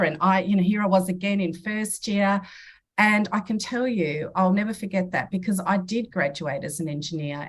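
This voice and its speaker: A woman in her fifties, a podcast guest, telling personal stories in an earnest, reflective way. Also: mid-range voice. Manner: earnest, reflective, acts out quoted dialogue. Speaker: podcast guest, medium and mentor. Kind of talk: personal storytelling in a podcast interview.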